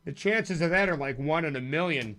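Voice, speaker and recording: A man's voice: a little high, brisk, crowd noise. A man streaming a retro arcade game, joking and chuckling through casual commentary. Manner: jokey, chuckles often, drops into comic voices. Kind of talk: casual live-stream commentary over gameplay. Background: game music.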